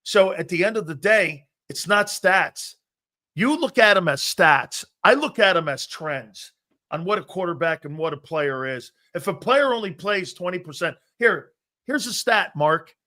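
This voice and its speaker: A middle-aged man hosting a sports talk show, telling loud, brash stories and acting out what coaches said. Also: sits high, expressive, measured pace. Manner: loud, brash storyteller who acts out quotes. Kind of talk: casual sports talk, storytelling.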